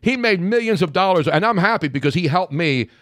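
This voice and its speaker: An older man from Philadelphia hosts a sports talk show, trading jokes with his guest. His pitch swings widely and sits a little high. The sound is dry and close. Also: dry recording. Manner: animated, joking, quick banter. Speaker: sports radio host. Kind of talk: casual radio talk.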